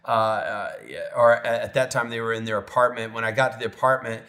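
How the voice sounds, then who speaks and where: A middle-aged man preaching as a pastor, telling a personal story with animated, emotional delivery that sinks to soft, tender tones. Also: mid-range voice, brisk. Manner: emotional, animated storytelling, drops to near whisper when tender. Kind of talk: sermon storytelling.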